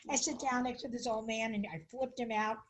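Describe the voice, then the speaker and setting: A woman's voice: fairly high pitch, steady tone, moderate pace, rough recording. Laughing woman co-host, faint hiss. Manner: laughing, self-mocking. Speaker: podcast co-host. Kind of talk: casual chat.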